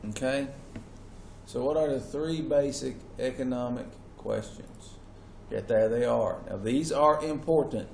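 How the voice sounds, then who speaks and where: A man's voice: mid-range voice, unhurried, creaky. A man lecturing a class as their teacher, asking questions and stressing key words. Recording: echoey classroom with faint noise.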